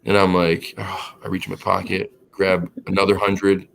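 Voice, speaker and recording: A man chatting casually on a podcast, telling an anecdote and acting out the dialogue with lively quoted voices. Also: low voice, moderate pace, gravelly, slight background noise. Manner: animated, acts out quoted dialogue; laughs while telling the story. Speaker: podcast co-host. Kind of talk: casual storytelling chat.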